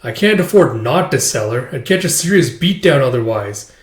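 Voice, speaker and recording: A callous comic-book kidnapper who talks bluntly and brushes others off, as a man reads him. The voice sits at a middle pitch for a man, and the room is echoey. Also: very animated, moderate pace, natural voice. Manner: blunt, dismissive. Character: callous adult male kidnapper, gruff.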